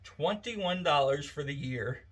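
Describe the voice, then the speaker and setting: A man's voice: on the high side, expressive, unhurried, a bit bright, husky, low-quality recording. A man, telling a wry, folksy story in a casual, chatty way. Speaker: vlogger.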